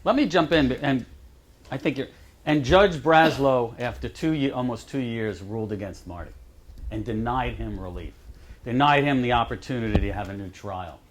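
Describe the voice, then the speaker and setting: A man's voice: medium pitch, moderate pace, a little hiss or hum. A man telling anecdotes to a lecture audience in a chatty way, laughing at his own lines. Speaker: advocate speaking at a college lecture. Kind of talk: storytelling talk to an audience. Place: lecture room.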